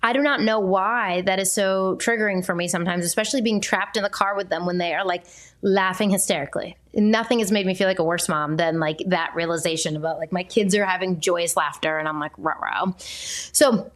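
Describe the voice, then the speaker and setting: A woman's voice: on the low side, fairly even intonation, a little fast. Candid woman in her thirties explaining. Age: 30s. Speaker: podcast host, parenting coach. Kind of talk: solo podcast talk.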